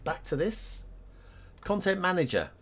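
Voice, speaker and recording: Male streamer, non-native English, chatty and laughing, drawn-out pace with a lively pitch. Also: a little hiss or hum. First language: not English. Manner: chatty, laughing, thinks aloud to chat. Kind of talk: live game stream chat.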